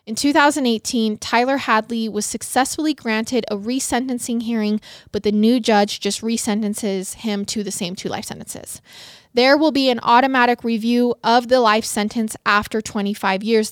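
Woman telling a true crime story on a podcast, kinda high voice, earnest and feeling it, dry close mic. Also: no room sound. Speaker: podcast co-host.

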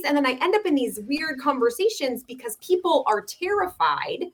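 A woman's voice: high-pitched, normal speed, few pauses. A woman who runs a mortgage company, a guest in casual conversation, speaking animatedly and acting out what her clients say. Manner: animated, acts out clients' voices. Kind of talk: casual chat.

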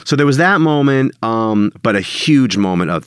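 A man, a songwriter and producer, talking casually as an interview guest, telling lively stories and laughing often. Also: medium pitch, moderate pace, smooth, dry recording, clean studio sound. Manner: animated storyteller, laughs often, mimics singers.

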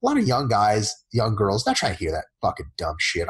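A man coaching in a casual podcast Q&A, talking in a profane, animated way and acting out his clients in quick voices. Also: lowish voice, breathy edge, rough recording. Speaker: fitness coach answering listener questions.

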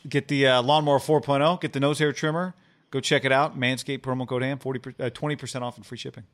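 A man's voice: mid-range voice, steady tone, fairly bright tone. A man co-hosting a casual sports podcast, rattling through ad reads and mailbag questions. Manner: rapid ad reads, playful. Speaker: podcast co-host.

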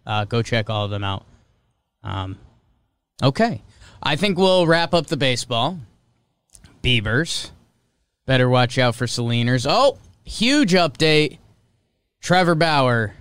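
Casting: young male podcast host, chatty sports takes, smooth clear voice, dry close sound. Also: medium pitch, sing-song, fairly bright tone, dry recording. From American North. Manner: chatty, opinionated, quick asides. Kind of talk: casual sports talk.

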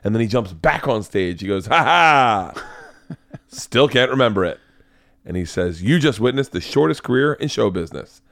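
A man's voice: lowish voice, expressive, brisk, no room sound, clean studio sound. A man hosting a podcast, telling a rambling story in casual chat, swearing and laughing often. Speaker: podcast host and comedian.

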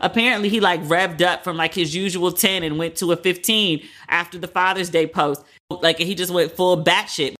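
A woman hosting a podcast, casually retelling celebrity drama in a candid, profane, animated way. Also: lowish voice, normal speed. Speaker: podcast host. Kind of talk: casual celebrity gossip commentary.

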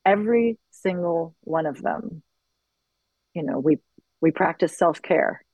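A middle-aged woman who leads sharing circles, talking earnestly and reflectively in an interview, with lively bursts when she quotes others. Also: on the low side, a little slow, no echo, rough recording. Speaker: circle facilitator. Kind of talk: conversational interview.

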